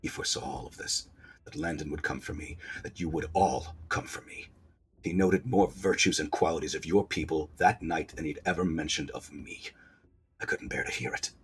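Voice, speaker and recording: A man voicing a wounded, bitter young prince in a video game, speaking low and hushed. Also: wildly swooping pitch, normal speed, a little hiss or hum, exaggerated voice. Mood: dark.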